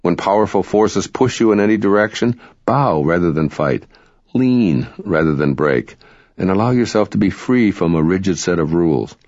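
A man reading spiritual self-help narration in a calm, measured, instructive way. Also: low-pitched, no room sound. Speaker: audiobook narrator. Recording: dry, dull lo-fi recording.

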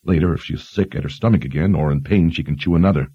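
A man's voice: rumbling low, fast, mellow, slightly rough, dry recording, muffled recording, exaggerated voice. Man voicing a curious young traveller. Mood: instructing. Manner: questioning, practical.

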